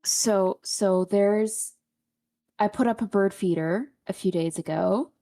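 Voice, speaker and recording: A woman chatting casually before a tabletop game, telling an amused, animated story. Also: medium pitch, slow pace.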